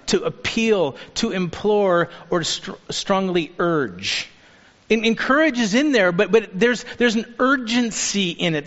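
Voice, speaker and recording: A man preaching a sermon as a pastor, earnest and urging, turning lively when he acts out the people he quotes. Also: sits high. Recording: dull sound with long reverb of a hall.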